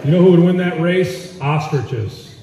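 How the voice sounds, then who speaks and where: A man's voice: on the high side, expressive, a little slow, background noise. A man doing stand-up comedy in a large auditorium with a brash, profane, punchy delivery, captured on a phone in the audience. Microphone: phone recording from the audience area. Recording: echoey hall from far off. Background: audience laughter.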